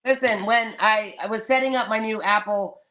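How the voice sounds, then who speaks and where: A woman's voice: mid-range voice, moderate pace, pushed and bright. A woman hosting a casual live stream, dramatic and swearing freely, calling everyone darling.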